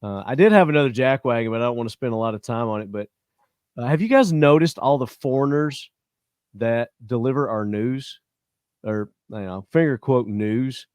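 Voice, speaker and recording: A man's voice: mid-range voice, animated, normal speed, a little mellow, clean tone, no room sound, studio quality. Blunt profane male podcast host. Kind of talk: casual podcast chat.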